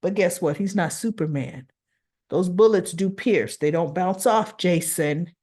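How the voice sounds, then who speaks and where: A woman's voice: on the low side, a little slow. Chatty woman recapping a soap episode. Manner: animated retelling that acts out characters' lines. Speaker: soap opera recap host.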